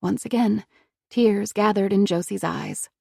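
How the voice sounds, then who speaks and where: Woman narrating with a gravelly voice. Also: mid-range voice, a little slow, mellow, no echo, studio quality. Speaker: audiobook narrator. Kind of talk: scripted narration.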